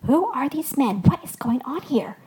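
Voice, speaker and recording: A woman's voice: high-pitched, expressive, moderate pace, husky, pitched above the performer's own voice, exaggerated voice. A woman voicing a stern, protective older mother who speaks sharply, in a storybook reading. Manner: sharp, demanding.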